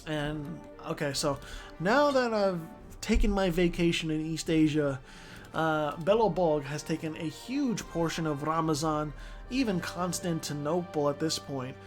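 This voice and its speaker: A strategy game commentator talking casually over a match, excitable, swearing often and restarting sentences. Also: medium pitch, unhurried, soft background music.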